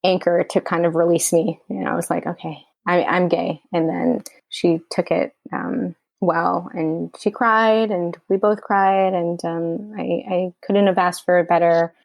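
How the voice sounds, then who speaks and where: A woman's voice: lowish voice, level tone, unhurried, creaky, hardly any pauses, dry recording, highs cut off. A woman from Queens, New York, a writer-director telling a personal story in an interview, candid and emotional, her speech full of "like" and "you know.".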